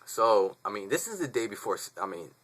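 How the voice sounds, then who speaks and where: A man's voice: fairly low pitch, big pitch swings, brisk, fairly bright tone. A man in his twenties casually telling a story to the camera, rambling, profane and slangy. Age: 20s. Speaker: vlogger.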